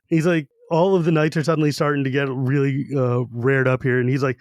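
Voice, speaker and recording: A man's voice: medium pitch, little pitch movement, fairly quick, hardly any pauses, dry recording. A man hosting a podcast, casually retelling a book chapter in a rambling way. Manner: rambling retelling, lots of "he's like". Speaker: podcast host.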